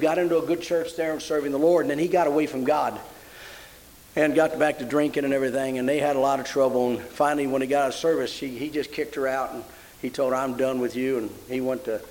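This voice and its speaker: The older man's voice is a little mellow, heard over slight background noise on a rough recording. Preaching a sermon, he tells a story and lifts into fervent praise, rising to high emotional exclamations.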